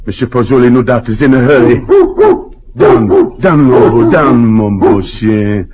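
An actor playing a commanding former rebel leader turned governor, brusque and impatient, dropping French phrases, in an old-time radio drama. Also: male voice, mid-range voice, fairly even intonation, moderate pace, a crowd in the background, lightly acted. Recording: dull lo-fi old radio recording.

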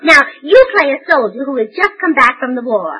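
A woman's voice: high-pitched, very animated, brisk, sharp tone, rough recording. A woman giggling through scatterbrained lines in 1940s radio comedy acting.

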